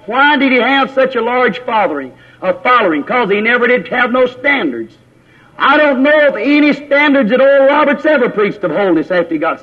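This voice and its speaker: Man, fiery holiness preacher, high voice, old muffled sermon tape. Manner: fiery and scolding, mocking in quoted voices. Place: church.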